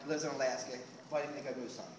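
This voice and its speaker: A man's voice: mid-range voice, steady tone, rapid-fire, echoey room, very noisy. A man telling a comic story live, rambling with many fillers and restarts.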